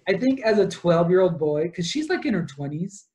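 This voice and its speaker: A man's voice: high-pitched, big pitch swings, moderate pace, mellow. A young man in casual book-club talk, retelling a plot at length with lots of fillers and asides. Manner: rambling, detail-heavy retelling with many fillers. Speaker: podcast co-host.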